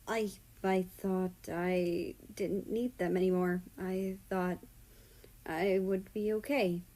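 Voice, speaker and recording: A woman voicing a timid, fragile man who speaks quietly and stammers with a hoarse edge in a story reading. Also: mid-range voice, steady tone, unhurried, close to an everyday voice. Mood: anxious.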